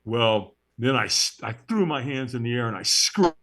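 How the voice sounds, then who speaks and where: A man's voice: medium pitch, brisk, few pauses. A man being interviewed as a guest, telling a story with drama and often checking in with "right?". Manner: animated, dramatic storyteller who acts out the moments; checks in with tag questions like "right?".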